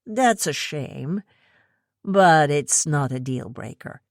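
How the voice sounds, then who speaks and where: A woman's voice: low voice, animated, slow, no room sound, studio quality, exaggerated voice. A woman doing a cool, poised podcast host. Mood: cool composed.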